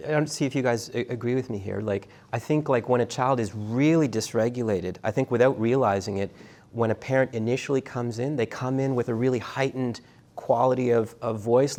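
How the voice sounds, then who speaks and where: A middle-aged man lecturing a class, talking in a halting, conversational way with many restarts and fillers and putting questions to his students. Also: mid-range voice, a little mellow. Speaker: university lecturer.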